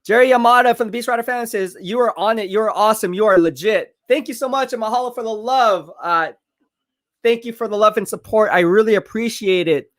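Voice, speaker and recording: A high-voiced man hosting a live stream, talking in a hyped, chatty way and reading out comments from viewers. He sounds a little out of breath, as if he is exercising while he talks. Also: fairly quick, fairly bright tone. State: out of breath from curls. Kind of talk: live draft watch party, reading chat.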